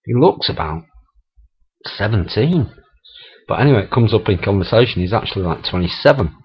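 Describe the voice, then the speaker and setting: A man's voice: on the low side, expressive, a little fast. A middle-aged man, telling stories in a chatty, laughing, swearing vlog monologue. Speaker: vlogger. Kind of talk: casual storytelling monologue. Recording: dull lo-fi camera audio.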